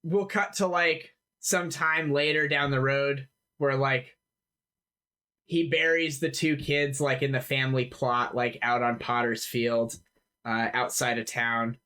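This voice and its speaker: A man's voice: medium pitch, level tone, measured pace, pushed and bright, smooth. Casual man narrating as game master. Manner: casual, filler-heavy narration.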